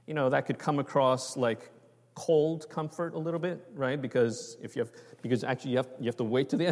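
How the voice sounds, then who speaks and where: A man giving a conversational sermon, often checking in with "right?" and "okay?". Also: mid-range voice. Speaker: preacher. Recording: long reverb of a large hall.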